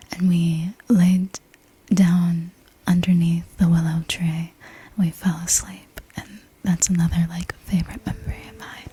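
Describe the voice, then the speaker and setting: A young woman, an ASMR creator, tells a personal story in an unvoiced whisper, casual and rambling, with the odd swear word. Her voice is lowish, dark and husky.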